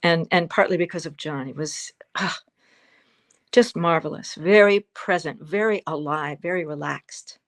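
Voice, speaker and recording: Expressive woman over seventy, lowish voice. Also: measured pace. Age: 70s. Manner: expressive, warm storytelling with emphatic repetitions. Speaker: guest actor. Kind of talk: interview.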